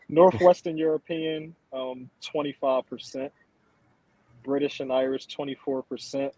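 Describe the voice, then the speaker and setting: A man's voice: mid-range voice, little pitch movement, measured pace, dark tone, rough recording. A man co-hosting a podcast, chatting casually with blunt, profane humor and frequent laughter. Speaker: podcast co-host. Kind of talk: casual chat.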